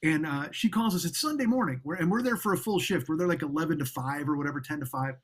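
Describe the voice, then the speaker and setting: A man telling stories in a casual, profane, animated way as a comedy show co-host. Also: fairly high pitch, quick pace, slightly rough. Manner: profane, animated, mocking impressions. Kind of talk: casual storytelling chat.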